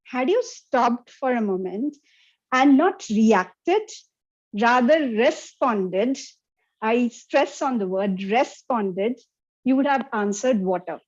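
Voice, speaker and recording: A woman's voice: on the high side, animated, slow pace, darkish tone. Woman leading an online lecture. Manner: interactive, checks in with the audience often. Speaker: workshop presenter. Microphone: video call. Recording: lo-fi video call audio.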